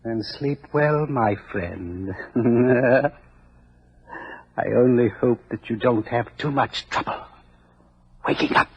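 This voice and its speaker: An actor playing a smooth, mocking schoolmaster and poisoner in a 1940s radio play, chuckling slyly. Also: male voice, mid-range voice, slow, long pauses. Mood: menacing. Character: sinister scheming male headmaster poisoner. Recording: dull old radio recording.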